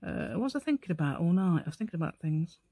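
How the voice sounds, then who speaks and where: A woman's voice: on the low side, very animated, fast talker, warm tone, dry recording. Chatty woman, rambling craft talk. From England. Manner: rambling, chatty, talks to herself while working. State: tired. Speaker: craft channel host. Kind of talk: casual crafting tutorial chat.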